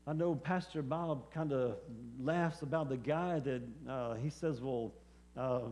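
A man preaching a personal testimony sermon, speaking haltingly with many fillers and repeated words. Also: mid-range voice, darkish tone. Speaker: preacher and former hospice chaplain.

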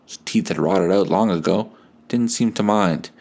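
A man's voice: low voice, normal speed, gravelly, darkish tone. A male podcast host improvising a story, rambling and laughing at himself. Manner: rambling, laughs at his own tale.

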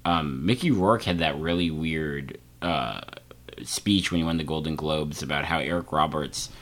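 A man co-hosting a podcast, chatting casually with quick jokes. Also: very deep voice. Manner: animated, jokey, quick asides. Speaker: podcast co-host. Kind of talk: casual chat.

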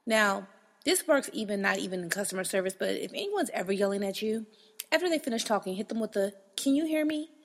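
A woman's voice: medium pitch, expressive, fast, long reverb tail. A woman hosting a casual monologue in a blunt, frank, exasperated way, with profanity. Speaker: podcast host.

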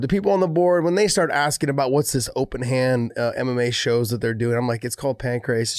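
A man's voice: mid-range voice, no room sound. A man co-hosting a podcast, talking bluntly and cursing freely in casual chat. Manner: blunt, profane, lots of "yeah" backchannel. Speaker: podcast co-host, fighter.

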